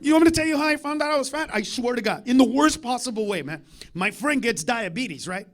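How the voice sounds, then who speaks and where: A man's voice: extremely high pitch, lively intonation, fast. Ranting, profane stand-up comic man. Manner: profane, ranting, loud bursts. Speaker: stand-up comedian. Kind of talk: stand-up comedy set. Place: comedy club stage.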